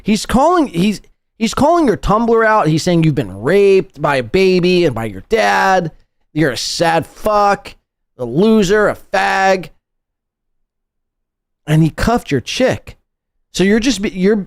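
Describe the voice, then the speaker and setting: Male podcast host, sarcastic and mocking, lively and fairly high-pitched, dry close sound. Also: no room sound. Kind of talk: mocking commentary on a played clip.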